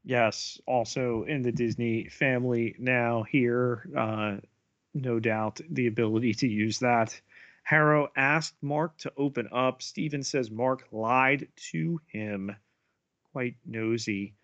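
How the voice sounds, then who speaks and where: A man co-hosting a podcast, retelling a TV episode scene by scene in a measured way. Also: medium pitch, fairly even intonation, a bit bright, dry recording, dull audio. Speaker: podcast co-host. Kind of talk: episode recap narration.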